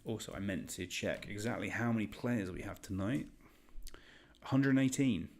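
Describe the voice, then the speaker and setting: A man's voice: fairly low pitch, fairly quick, creaky, a little hiss or hum. A man around thirty, hosting a live online quiz in a chatty, rambling, joking way. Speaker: quiz host.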